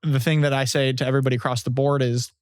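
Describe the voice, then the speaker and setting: A man hosts a relaxed podcast conversation with lots of energy. He sits at an ordinary middle pitch, speaks close to the mic and sounds dry, with almost no room around him. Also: racing, clear, resonant tone, no room sound. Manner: energetic, animated storyteller who acts out quotes. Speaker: podcast host and company founder. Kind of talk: casual conversation.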